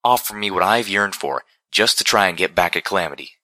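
A man voicing a small young female unicorn who speaks in a cold, clipped, sharp way, in an audiobook. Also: sits low, animated, fairly quick, no echo. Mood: cold fury.

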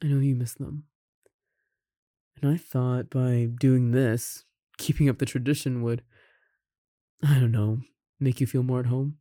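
A performer voicing a caring roommate who confesses love in a romantic audio roleplay, speaking softly with gentle laughs and sighs. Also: medium pitch, fairly even intonation, measured pace, long pauses, dry recording, clean studio sound, close to an everyday voice. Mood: tender.

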